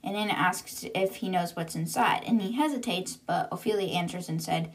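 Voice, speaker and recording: A woman's voice: fairly low pitch, normal speed, few pauses, slightly rough. A woman hosting a podcast, retelling a novel in a chatty, casual way with laughs and sarcastic asides. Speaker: podcast host. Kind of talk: casual book recap.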